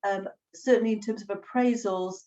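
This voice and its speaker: A woman, a psychologist hosting a webinar, speaking in a measured way with many pauses over a video call. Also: medium pitch, steady tone, mellow, a little hiss or hum. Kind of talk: professional discussion on a video call. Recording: distant, dull lo-fi call audio.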